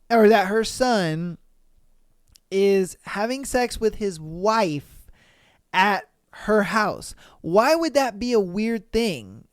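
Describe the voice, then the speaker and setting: A man's voice: sits high, clear, resonant tone, no room sound, studio quality. A young man hosting a podcast, reading listener stories aloud and ranting about them in casual, exasperated, profane commentary. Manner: animated, swears freely, exasperated rants. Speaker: podcast host.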